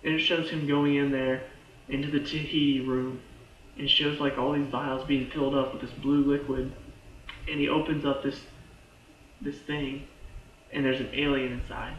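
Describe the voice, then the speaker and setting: A man's voice: mid-range voice, little pitch movement, moderate pace, a bit bright, slight background noise. A man giving a casual, rambling recap of TV episodes as a reviewer, with lots of "like" and restarts. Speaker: TV show reviewer. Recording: echoey room, dull lo-fi sound.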